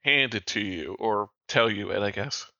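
A man playing a tabletop game, talking casually and halting with restarts. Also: on the low side, creaky, bright, forceful tone, no echo, lo-fi sound. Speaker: player.

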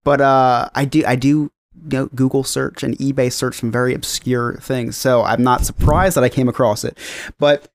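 A man's voice: mid-range voice, little pitch movement, moderate pace, dry recording, clean studio sound. A man co-hosting a podcast, talking casually and hesitantly with many fillers. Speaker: podcast co-host. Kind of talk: casual chat.

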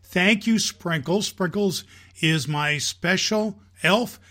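Jolly slow-talking man as Santa. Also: high-pitched, bright, forceful tone. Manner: jolly, slow and folksy with filler restarts. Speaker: podcast host playing Santa Claus. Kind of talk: storytelling reading aloud.

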